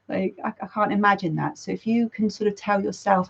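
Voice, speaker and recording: A woman's voice: mid-range voice, brisk, creaky, hardly any pauses, dark tone. A woman hosting a community chat as a counsellor, talking casually in a rambling, self-correcting way and swearing now and then. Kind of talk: casual talk. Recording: dull lo-fi sound.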